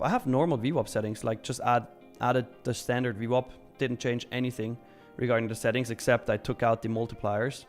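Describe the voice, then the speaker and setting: A young man hosting a live stream, casually reading viewer messages aloud and answering them. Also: medium pitch. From Switzerland. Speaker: live-stream trading host.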